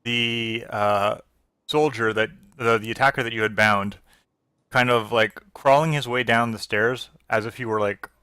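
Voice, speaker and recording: Guy game master narrating a tabletop game, casual and hesitant, bright voice, dry sound. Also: medium pitch, fairly even intonation, measured pace, clear, resonant tone, no echo. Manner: casual, hesitant with many fillers.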